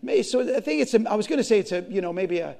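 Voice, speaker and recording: A man preaching a sermon to his congregation, impassioned, swinging from loud to hushed and repeating phrases. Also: high voice, expressive, quick pace, creaky. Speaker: pastor.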